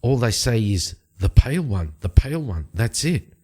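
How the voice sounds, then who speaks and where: A man's voice: mid-range voice, very animated, normal speed, darkish tone, husky, voice pushed up. A man voicing an urgent female informant who asks an old ally for help and explains things in earnest, rambling bursts.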